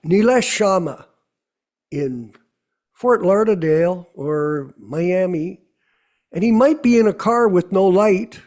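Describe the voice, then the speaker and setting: Earnest high-voiced man exhorting his group. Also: expressive, slow, darkish tone. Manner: earnest, repeats phrases for emphasis. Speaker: host of online devotional discussion. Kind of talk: exhortation to a video call audience.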